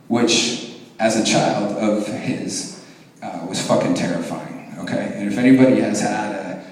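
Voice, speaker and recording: Unhurried and fairly low-pitched, a comedian in his thirties works the stage of a comedy venue in front of a live crowd. His set is profane, with animated stories and acted-out voices, picked up distantly in an echoing hall.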